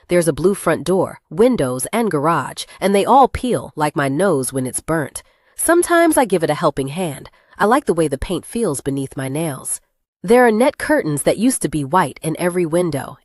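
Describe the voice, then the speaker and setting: A woman reading a first-person thriller aloud as an audiobook narrator, with expressive, shifting intonation. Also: low voice, no echo, clean studio sound.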